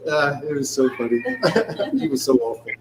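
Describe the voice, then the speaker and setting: A man's voice: medium pitch, normal speed. A man co-hosting a podcast, telling casino stories casually and acting out the dialogue. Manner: animated anecdote-telling, acts out dialogue. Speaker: casino dealer, podcast co-host. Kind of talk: casual storytelling. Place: showroom, live on location. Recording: echoey room, distant mic, background noise.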